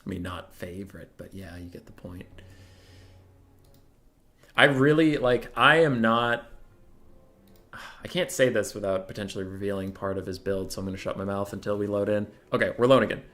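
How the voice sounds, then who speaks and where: A man's voice: fairly low pitch, fairly quick, fairly bright tone. A young man streaming a competitive strategy game, chatting casually about matchups and breaking into mock-furious rants. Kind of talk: casual live-stream commentary.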